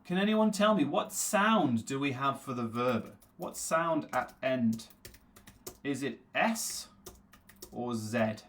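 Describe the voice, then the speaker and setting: A man runs a live online English class, speaking at an ordinary middle pitch. He says words slowly, over and over, to drill their sounds. He also reads out viewers' names from the chat and answers them. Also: animated, a bit bright. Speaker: English teacher.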